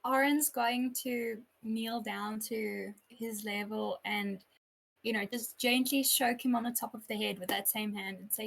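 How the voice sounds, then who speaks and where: A woman player at a tabletop game, eager and playful as she talks through what her character does. Her voice sits fairly high. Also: steady tone, measured pace, gravelly, a bit bright, poor audio. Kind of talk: casual tabletop game play.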